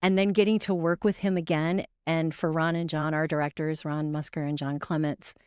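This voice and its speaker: Middle-aged woman, bubbly podcast guest, smooth lowish voice, dry close sound. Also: level tone, a little mellow, dry recording. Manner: bubbly, laughs often, quick storytelling. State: tired from little sleep. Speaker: guest voice actress and singer. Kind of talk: casual podcast chat.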